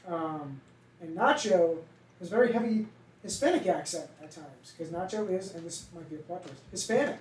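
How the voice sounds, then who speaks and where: A man's voice: high-pitched, lively intonation, normal speed, a little mellow, slight background noise. A young man from Massachusetts with a heavy Boston accent, co-hosting a casual podcast chat and rambling, swearing now and then. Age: young adult. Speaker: podcast co-host. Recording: echoey room, mic at a distance.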